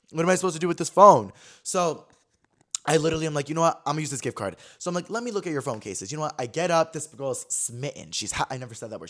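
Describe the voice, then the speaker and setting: Young guy ranting fast about a phone store trip, super animated, swears a ton, does everyone's voices. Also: on the high side. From California. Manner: animated, swears a lot, acts out quotes. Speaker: podcast host. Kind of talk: casual storytelling chat.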